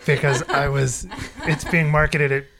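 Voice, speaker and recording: A woman in her forties, a guest in casual chat, speaking in a hesitant, halting way with dry remarks. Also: low-pitched, steady tone, a crowd in the background.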